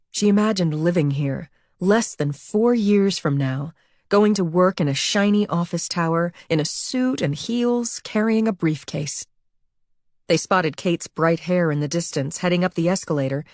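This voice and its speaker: A woman narrating an audiobook with even, measured storytelling. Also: lowish voice, no echo, studio quality. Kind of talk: scripted narration.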